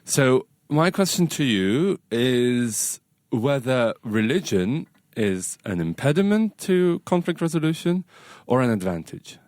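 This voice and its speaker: A man hosting a podcast, giving a scripted introduction and then asking interview questions in a measured, articulate way with some dry wit. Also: medium pitch, very animated, a little mellow, no echo. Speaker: podcast host.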